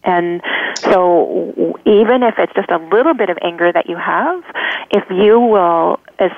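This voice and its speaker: A woman host speaking in a low, gravelly voice. She talks things through in a loose, conversational way, full of fillers and restarts. The sound is dry and tinny, like a phone line. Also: measured pace, dry recording. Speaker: podcast host. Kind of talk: casual conversational advice.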